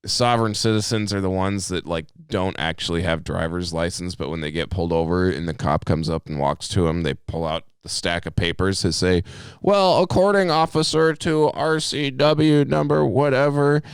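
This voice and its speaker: A man's voice: deep voice, fairly even intonation, a little fast, few pauses, clear, resonant tone, dry recording, clean studio sound. A young man co-hosting a podcast, telling stories in a laid-back, casual way and swearing freely. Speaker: podcast co-host. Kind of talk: casual chat.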